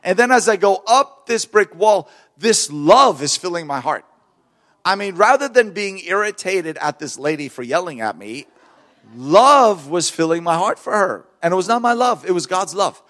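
Man, preacher, sermon storytelling, fervent, animated, laughs often, fairly high voice. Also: moderate pace.

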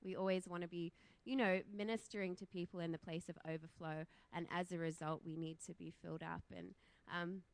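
A woman's voice: lowish voice, fairly even intonation, a little fast, gravelly. Bubbly young woman preaching. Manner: bubbly, chatty, upbeat. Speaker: guest speaker. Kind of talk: sermon. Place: church.

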